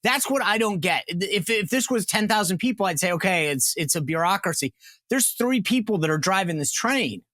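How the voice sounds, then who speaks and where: A man hosting a political interview podcast, talking in an animated, incredulous way, often restarting his sentences. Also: sits high, moderate pace, dry recording, studio quality. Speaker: podcast host.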